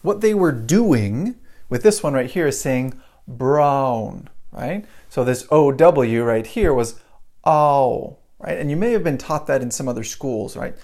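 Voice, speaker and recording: A man's voice: medium pitch, lively intonation, a little slow, a little mellow. Chatty American male English teacher running a live pronunciation lesson, loose and repetitive. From United States. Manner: chatty, repeats himself, greets viewers mid-lesson.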